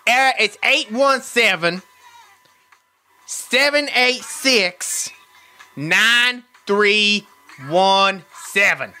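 A man voicing a hot-tempered, profane, streetwise caller on a prank phone call, loud and animated, swinging from rage to sweet talk. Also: high-pitched, drawn-out words, long pauses, clean tone, soft background music, exaggerated voice. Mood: boisterous.

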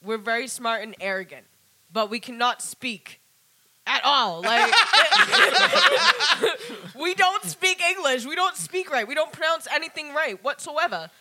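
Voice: high-pitched, lively intonation, slow pace, background noise. A podcast co-host with a Boston accent, chatting casually and laughing at their own way of speaking. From Massachusetts. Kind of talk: casual chat.

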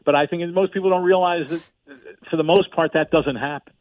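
Halting man on a tinny phone line. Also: on the high side, fairly even intonation, no room sound. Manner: halting, many restarts and fillers. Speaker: radio show co-host. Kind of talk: casual sports radio talk.

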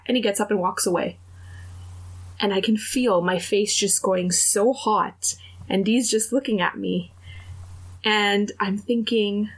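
A young adult woman with a gravelly, fry-touched voice tells a story in relaxed podcast chat. She slips into the voices of the people in her story as she goes. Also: mid-range voice, unhurried. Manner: animated, acts out quoted dialogue. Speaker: podcast co-host telling a dating story.

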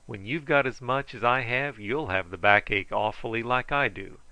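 A man's voice: mid-range voice, normal speed, bright, forceful tone, no room sound, poor audio. A man doing a drawling, lanky young bushman. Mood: doubtful. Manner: dry, drawling.

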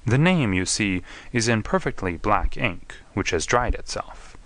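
A man reading an audiobook, voicing a keen, precise detective who reasons aloud in a crisp, deliberate manner. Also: fairly low pitch, animated, fairly bright tone. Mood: analytical. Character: keen, precise male detective, middle-aged.

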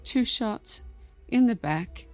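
A woman's voice: on the high side, lively intonation, slow pace, faint music behind, voice pushed up. A woman voicing Belladonna, a cunning, insistent woman who presses for the truth. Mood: pressing. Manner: pressing, confrontational.

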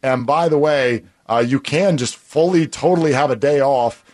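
A man's voice: mid-range voice, normal speed, darkish tone, no echo. A man giving a firm, opinionated sports radio monologue in a clip played on air. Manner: firm, insistent.

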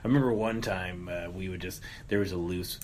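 A man in his thirties hosts a laid-back podcast in a low voice. He banters loosely, jokes and swears freely, and a faint hum of noise sits under the talk. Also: steady tone, brisk. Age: 30s. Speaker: podcast host. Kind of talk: casual podcast chat.

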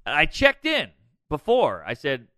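A man's voice: on the high side, a little slow, dry recording. A man, a comedian guest, telling a story in casual, profane podcast talk. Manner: animated, profane.

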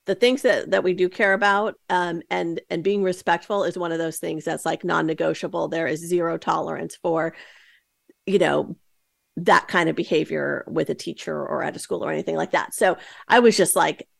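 A woman's voice: on the low side, fairly even intonation, normal speed, vocal fry, dry recording, studio quality. A woman hosting a podcast, telling a story in a chatty, casual way with lots of fillers and asides. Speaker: podcast host.

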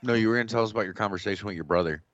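Male co-host, very low voice, short plain answers, muffled dry audio. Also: very fast, a bit bright, dry recording. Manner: matter-of-fact, brief answers. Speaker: podcast co-host. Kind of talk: casual podcast chat.

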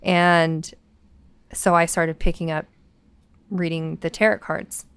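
A paranormal talk show co-host retells a story during casual chat, animatedly quoting the people in it. Her lowish voice is smooth and slow, and the recording is dry.

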